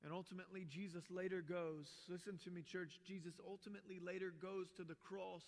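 A man preaching a sermon as pastor, animated and swelling loud, with casual asides to the church. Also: sits high, fairly quick, few pauses. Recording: long reverb of a large hall.

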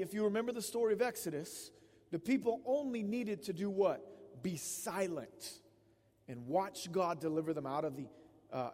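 A man in his thirties preaching an expository sermon in a conversational, emphatic way, often tossing in quick "right?" asides. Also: high-pitched, darkish tone. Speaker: pastor. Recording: long reverb of a large hall.

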